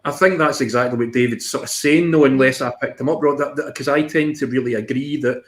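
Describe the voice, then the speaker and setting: A man's voice: mid-range voice, fairly even intonation, quick pace. Male co-host, easygoing, stumbles and repeats words as he talks. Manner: hesitant, repeats words, conversational. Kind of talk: casual chat on a livestream.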